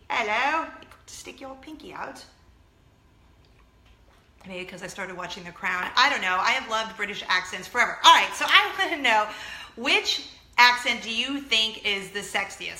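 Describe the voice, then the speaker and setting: A bubbly woman in her thirties talks straight to her vlog viewers, gushing in a chatty way. She speaks at normal speed with a slightly high, lively voice and a sharp tone, in a reverberant space.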